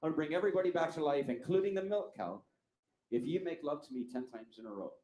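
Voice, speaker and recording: A man's voice: fairly high pitch, expressive, fast talker, warm tone, roomy sound, lightly acted, low-quality recording. A man voicing a sly female leprechaun who bargains, in a joke. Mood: bargaining. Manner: wheeling and dealing.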